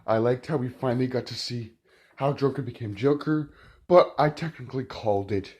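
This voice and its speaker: Casual male film reviewer, loose and rambling, mid-pitched voice, lots of filler words and restarts. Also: fairly quick, a little mellow, slightly rough.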